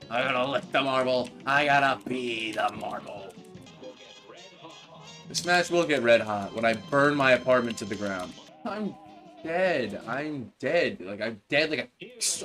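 A young man giving live commentary as he plays a video game, frustrated, yelling at the boss and rambling in jokes. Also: mid-range voice. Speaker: gamer playing a video game.

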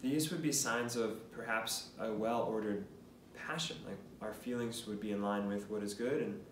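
Priest explaining in an echoey room. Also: male voice, fairly low pitch, moderate pace, slight background noise. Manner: earnest, casual, filler-heavy explaining with questions to the listener. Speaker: priest teaching a catechesis lesson. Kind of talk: conversational teaching talk. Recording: roomy, mic at a distance.

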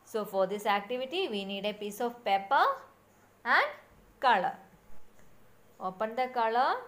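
Casual: lady teacher, highish voice, sing-song, repeats everything for small kids. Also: a bit bright. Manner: slow, sing-song, repeats sounds and steps. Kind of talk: recorded lesson for young children.

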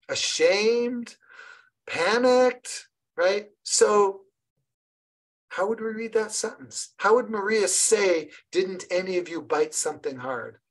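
A woman leading an online training session for early childhood educators, lively and encouraging, often restarting her sentences. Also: mid-range voice, low-quality recording. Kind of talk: online professional development session.

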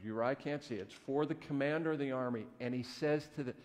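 A man's voice: mid-range voice, quick pace, darkish tone. Male pastor preaching in an echoey church. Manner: conversational, folksy. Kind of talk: storytelling sermon. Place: church sanctuary.

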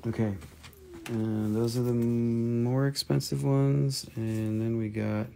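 A man's voice: medium pitch, little pitch movement, slow, gravelly, mellow, a little hiss or hum. A man hosting a live stream where he sells crystals, talking in a chatty, joking way. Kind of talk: casual live sales stream.

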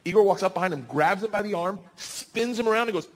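Energetic stand-up comedian with shouted punchlines. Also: male voice, sits high, fast, hardly any pauses, long reverb tail, very noisy. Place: comedy stage before a live audience.

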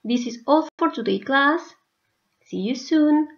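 Teacher, female, higher voice, deliberate spaced-out delivery for learners, muffled low-fi audio. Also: animated, creaky. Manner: slow, carefully spaced words for learners. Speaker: English teacher. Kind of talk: slow recorded video lesson. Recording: dull lo-fi recording.

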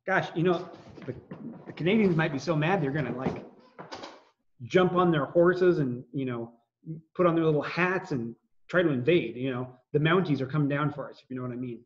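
A man's voice: a little high, moderate pace, dull audio. A man teaching a history class in a chatty, joking way, with many fillers and asides to students. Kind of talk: classroom lecture.

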